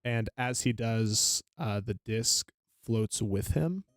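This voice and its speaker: A man running a tabletop game as game master, talking haltingly with many fillers. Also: fairly low pitch, no echo, clean studio sound, soft background music.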